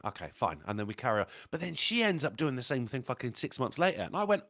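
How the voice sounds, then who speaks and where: A man co-hosting a livestream, swearing freely and telling animated stories. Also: mid-range voice, fast, hardly any pauses, dry recording, studio quality. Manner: animated, profane storyteller. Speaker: livestream co-host. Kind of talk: casual political livestream chat.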